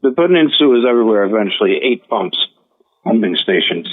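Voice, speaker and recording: A man's voice: lowish voice, sing-song, quick pace, husky. A man calling in to a radio show, telling a story in a plain, talky way. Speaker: caller. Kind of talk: call-in radio chat. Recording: tinny phone line.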